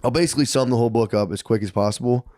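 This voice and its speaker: A man co-hosting a podcast, retelling a book in a rambling, animated way, full of "dude" and "like". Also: mid-range voice, very fast, no echo. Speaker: podcast co-host. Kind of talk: casual chat, retelling a book.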